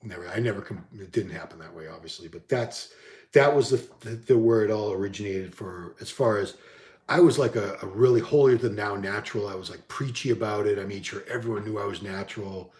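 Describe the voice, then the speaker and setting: A man's voice: fairly low pitch, brisk, a little mellow. A man chatting casually about his bodybuilding past and reading out viewer comments, candid and self-deprecating, often trailing off and restarting. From Boston area. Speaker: bodybuilding vlogger. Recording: echoey room.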